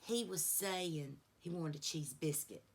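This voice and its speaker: A middle-aged beauty vlogger with a low-pitched, slightly rough voice keeps a measured pace as she chats casually while getting ready. Her stories wander, with many asides along the way.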